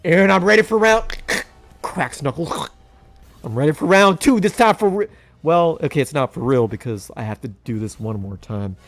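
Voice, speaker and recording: A young man giving jokey commentary over a video game playthrough, talking to his characters with big swings in pitch. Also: no echo. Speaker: gaming YouTuber.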